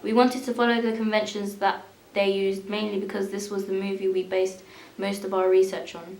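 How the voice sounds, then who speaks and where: Young woman reading in a flat tone. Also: mid-range voice, normal speed, roomy sound, low-quality recording. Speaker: student presenter. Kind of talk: reading a school media evaluation.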